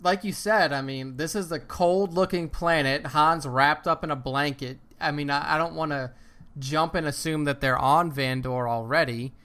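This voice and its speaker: A man co-hosts a laid-back podcast, agreeing a lot and hedging with fillers. His voice is bright and fairly high for a man. It is crisp and clear too. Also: moderate pace. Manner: agreeable, hesitant, lots of fillers, swears. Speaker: podcast co-host. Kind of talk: casual chat.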